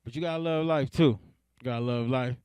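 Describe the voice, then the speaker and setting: A man's voice: medium pitch, darkish tone, smooth, no echo. Laid-back man doing stand-up, dry sound. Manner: laid-back, chuckles between jokes, drawn-out punchlines. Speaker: stand-up comedian. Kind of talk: stand-up comedy set.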